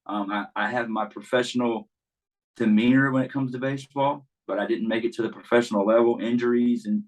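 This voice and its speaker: A man's voice: medium pitch, steady tone, brisk, poor audio. Man, baseball coach, casual chat, easygoing storyteller, plenty of fillers.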